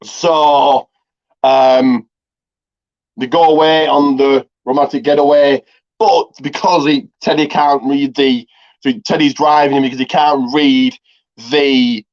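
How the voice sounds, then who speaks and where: A man's voice: medium pitch, fairly even intonation, slow, a little mellow. A man casually retelling a movie's plot for a review, rambling with lots of ums and restarts. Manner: rambling, heavy on fillers and restarts. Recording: slightly dull lo-fi audio.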